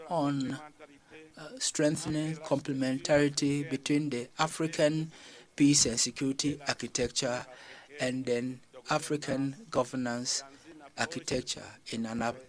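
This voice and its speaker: Guy giving a formal summit speech, measured, lots of uhs and restarts, mid pitched. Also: fairly even intonation, low-quality recording. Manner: measured, with frequent fillers and restarts. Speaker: summit chair addressing heads of state.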